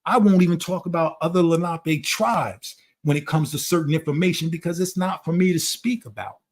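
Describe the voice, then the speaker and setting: Man, fairly high voice, blunt, profane, lecturing, casual conversation. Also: a little fast. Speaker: channel host.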